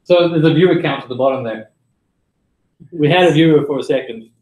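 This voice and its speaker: A man's voice: a little high, brisk, darkish tone. A man chatting and joking casually with others at a user group meeting. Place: meeting room. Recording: roomy meeting room, faint noise.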